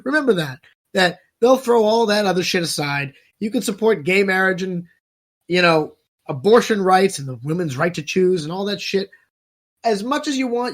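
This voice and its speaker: A man co-hosting a political podcast, ranting heatedly, swearing often and stammering as he gets worked up. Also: high voice. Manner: ranting, swears a lot, stammers when angry. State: worked up, spitting mad. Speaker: podcast co-host.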